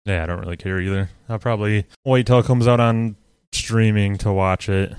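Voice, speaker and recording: A man's voice: fairly low pitch, fairly even intonation, a little fast, smooth, no room sound. A young man co-hosting a podcast in casual chat, laid-back, swearing freely and trailing off mid-sentence. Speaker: podcast co-host.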